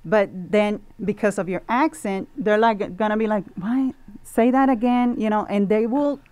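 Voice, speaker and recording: Smooth-voiced woman with a Spanish accent. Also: medium pitch, normal speed, no room sound, dull audio. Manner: animated, laughs often, acts out student dialogue. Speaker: Spanish teacher, interview guest. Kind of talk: casual podcast interview. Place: indoor podcast recording.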